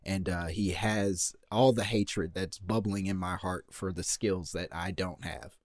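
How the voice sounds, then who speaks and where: A man's voice: low-pitched, steady tone, unhurried. Playful man hosting a comedy podcast. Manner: playful, mock-grandiose, riffs in exaggerated voices. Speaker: podcast host. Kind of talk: comedic casual chat.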